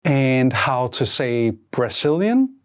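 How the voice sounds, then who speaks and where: Slow, measured woman language teacher. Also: extremely low pitch, very animated. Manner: pronounces words slowly, repeating each one twice. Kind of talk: slow, clear language lesson.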